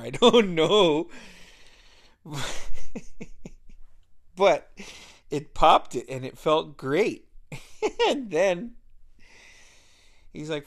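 A man in his thirties casually telling a long personal story, swearing heavily and laughing often as he talks. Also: mid-range voice.

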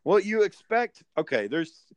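A man's voice: high-pitched, very animated, a little slow, dry recording. Profane man rambling on a podcast. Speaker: podcast host. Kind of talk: casual podcast chat.

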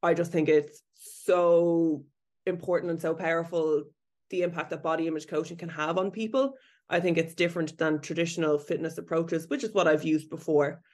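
A woman's voice: sits low, steady tone, normal speed, darkish tone. A woman coach and researcher speaking as a podcast guest, candid and self-deprecating, laughing lightly as she talks. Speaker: body image coach and researcher.

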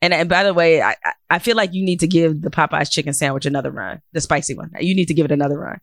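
A woman's voice: sits low, steady tone, fast talker, dry recording, clean studio sound. A woman hosting a podcast, chatting with a guest and delivering blunt, emphatic opinions with frequent laughs. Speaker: podcast host. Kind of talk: casual interview chat and opinion monologue.

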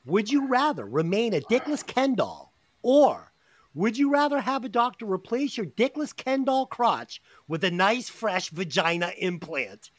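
A man hosting a casual podcast, animated and profane, laughing often as he banters. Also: high voice, measured pace. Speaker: podcast host.

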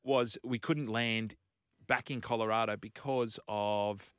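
A man on radio, chatting casually and telling a lively story with frequent laughs. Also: lowish voice, takes it slowly, clear, resonant tone. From Australia. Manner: animated storyteller, laughing often. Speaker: radio host. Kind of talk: casual chat. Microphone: studio microphone.

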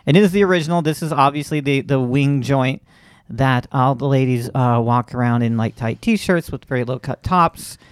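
A man's voice: mid-range voice, moderate pace, clean tone, no echo, studio quality. A man from Florida hosting a comedy podcast, chatting wryly with lots of fillers and restarts. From Central Florida. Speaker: podcast host. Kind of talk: casual comedic chat.

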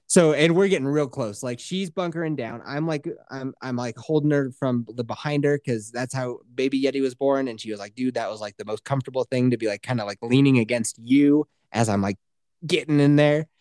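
A man's voice: medium pitch, a little fast, a little mellow, no room sound, studio quality. A man telling a story in casual chat, swearing freely and acting out the quotes.

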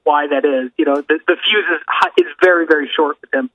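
A man co-hosting a casual podcast from a remote line, rambling with enthusiasm. His voice sits high for a man. The sound is dull and lo-fi but dry, with no room echo. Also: quick pace. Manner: enthusiastic, rambling, says dude a lot. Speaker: podcast co-host. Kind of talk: casual chat.

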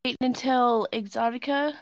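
A woman's voice: fairly high pitch, steady tone, normal speed, no echo, lo-fi sound. A woman with a Southern US accent, a guest chatting in an easygoing, giggly way. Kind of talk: casual interview chat.

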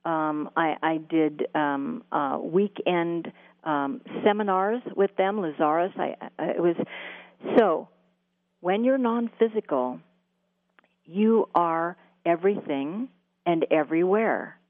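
A woman interviewed as a guest, telling a long story about her spiritual channeling in a halting way, with many fillers and restarts. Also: fairly low pitch, no echo. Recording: phone-like line with a dry sound.

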